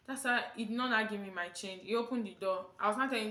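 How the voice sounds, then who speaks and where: A woman's voice: mid-range voice, racing, few pauses, echoey room. A young Nigerian woman vlogger with a Nigerian accent, telling a storytime tale and acting out quotes. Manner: animated storytelling, acting out quotes in Pidgin and Yoruba. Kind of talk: storytime vlog.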